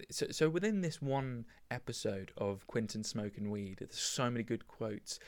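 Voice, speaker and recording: A man hosting a casual solo podcast, rambling enthusiastically with lots of fillers. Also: on the low side. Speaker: podcast host.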